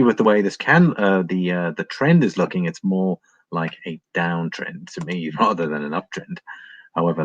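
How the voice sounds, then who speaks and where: An Englishman now living in Ireland commentates on market charts during a casual livestream from home, thinking aloud with lots of ums and chatting with viewers. His voice sits low with a fairly bright tone, and the recording is dry and low quality.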